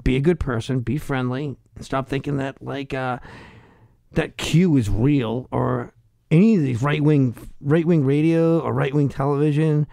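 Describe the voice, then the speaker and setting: A man's voice: medium pitch, a little slow, vocal fry, warm tone, no room sound. A middle-aged man with a Boston accent, a podcast guest ranting in profane, heated, rambling bursts. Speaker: podcast guest, hardcore musician. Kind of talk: ranting casual chat.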